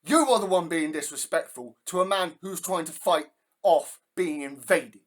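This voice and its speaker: A man giving an angry, profane reaction commentary, stumbling over his words with rage. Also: moderate pace. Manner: furious, profane ranting, pitch jumping sharply. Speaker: reaction video host.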